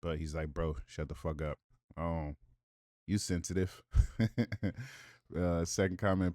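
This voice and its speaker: A man's voice: sits low, a little mellow, no echo, studio quality. A man giving casual reaction commentary, reading viewer comments aloud with blunt, profane asides and rhetorical questions.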